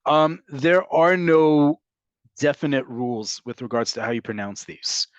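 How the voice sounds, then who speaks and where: A man's voice: mid-range voice, lively intonation, unhurried, no echo. A man teaching an online class, patiently explaining and answering questions with frequent fillers and "right?" checks. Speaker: Hebrew teacher. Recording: dull lo-fi dry audio.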